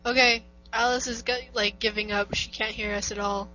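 A woman's voice: medium pitch, flat delivery, brisk, pushed and bright, faint music behind. A young woman co-hosting a casual podcast, joking and teasing her co-host. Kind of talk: casual chat. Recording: muffled with light static.

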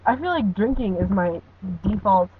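A woman's voice: medium pitch, moderate pace. Joking, giggly female podcast host; tinny phone-like sound, faint hiss. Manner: giggly, jokey, laughs often. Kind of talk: casual podcast chat.

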